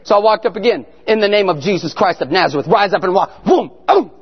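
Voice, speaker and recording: A man giving an animated testimony sermon as a guest speaker, telling his story and sometimes shouting prayers. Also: sits high, quick pace, husky. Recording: echoey hall, muffled sound.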